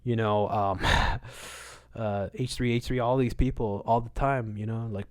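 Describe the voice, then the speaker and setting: A man's voice: mid-range voice, fairly even intonation, normal speed, dry recording, clean studio sound. Emphatic man ranting on a livestream. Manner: emphatic, moralizing, repeats words for stress; swings between loud outbursts and muttered asides. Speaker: livestream host answering chat. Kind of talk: casual livestream rant.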